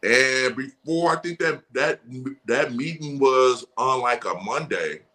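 A man in his forties, a former athlete guest, telling stories in a casual podcast chat, animated, laughing often and swearing freely. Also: mid-range voice, a little slow. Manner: animated storyteller, frequent laughs and profanity. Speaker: guest, former running back.

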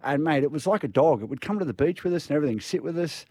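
A man's voice: a little high, animated, rapid-fire, dark tone, no echo. A middle-aged Australian man chatting on radio, telling stories with lots of stumbles and restarts. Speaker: radio co-host. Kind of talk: casual radio banter.

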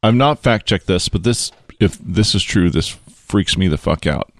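A man's voice: low voice, expressive, normal speed, dry recording. A man co-hosting a podcast, laid-back and profane, chatting casually over drinks and laughing often. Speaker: podcast co-host.

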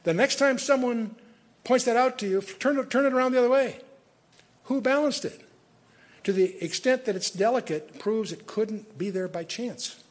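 A man's voice: very high-pitched, moderate pace. An older man giving a conversational, digressive Bible study lecture, often restarting his sentences. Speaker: Bible teacher. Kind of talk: lecture-style Bible teaching.

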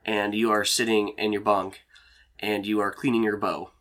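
Rambling game master, bright voice. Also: male voice, fairly low pitch, little pitch movement, moderate pace. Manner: rambling, laughs often, many fillers. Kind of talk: narrating a tabletop game.

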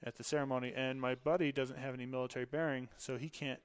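A man's voice: mid-range voice, level tone, fast, crowd noise. A man in his thirties, a podcast guest, telling stories casually, laughing often and acting out the dialogue. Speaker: podcast guest, Air Force veteran. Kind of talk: casual storytelling.

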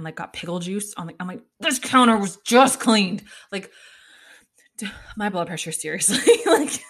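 A woman's voice: lowish voice, breathy edge. Chatty, exasperated young woman podcaster. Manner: chatty, exasperated, laughs often, swears casually. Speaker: podcast host. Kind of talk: casual solo podcast rambling.

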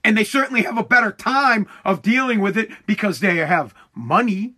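A man ranting angrily with heavy profanity, mocking others with quick put-on voices. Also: high-pitched, animated, pushed and bright, husky. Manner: heated, profane, mocking impressions. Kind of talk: ranting commentary.

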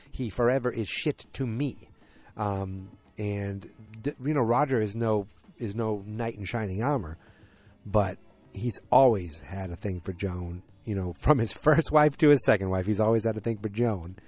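A man with a lowish, warm voice talks through a TV episode recap on his own podcast. He rambles frankly and swears casually. Faint music plays softly behind him. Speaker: podcast host recapping a TV series. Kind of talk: casual solo recap talk.

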